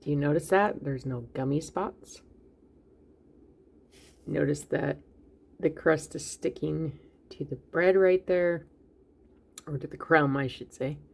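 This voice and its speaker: A woman with a low voice talks through her home baking in a relaxed, chatty vlog style. Her voice has a gravelly, creaky edge. She speaks encouragingly and directly to her viewers. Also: takes it slowly, pauses often. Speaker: baking channel host. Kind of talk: casual cooking vlog talk.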